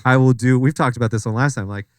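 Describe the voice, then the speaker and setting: A man's voice: mid-range voice, fast, clean tone, no echo, studio quality. A man hosting a casual comedy podcast, joking and laughing often, trailing off mid-sentence. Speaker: podcast host.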